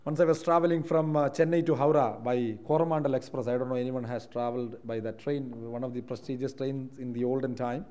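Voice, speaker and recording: A man from Kerala with an Indian English accent, preaching a sermon in a church, moving between quiet reflective lines and loud emphatic ones. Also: medium pitch, steady tone, brisk, few pauses. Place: church hall.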